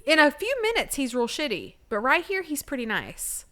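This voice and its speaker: Her high voice swoops wildly in pitch as she recaps a TV episode on a casual podcast she co-hosts, voicing the characters' lines. She speaks at normal speed with a sharp tone.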